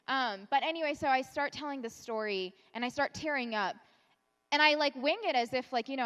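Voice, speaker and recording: A woman's voice: fairly high pitch, a bit bright. A young woman giving a keynote talk, telling a personal story in a chatty, self-mocking way full of filler words. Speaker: keynote speaker. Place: conference hall stage. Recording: long hall reverb.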